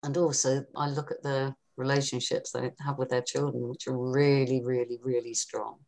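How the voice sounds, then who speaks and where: A woman's voice: rumbling low, flat delivery, normal speed, a little mellow. A middle-aged woman, a counsellor, talking in a reassuring and earnest way in a podcast interview. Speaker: postnatal depression counsellor.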